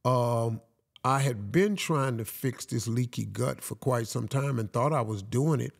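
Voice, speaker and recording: A man's voice: medium pitch, measured pace, creaky. A man speaking as a podcast guest, telling a personal story in an emphatic, casual way and often saying "man.". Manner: emphatic, peppers talk with "man".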